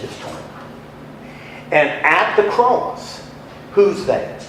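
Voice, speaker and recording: A man's voice: high voice, sing-song, extremely slow, sharp tone. A man leading a Bible study class, asking his listeners questions and then answering them himself. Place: room with a small class. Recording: echoey room with faint noise.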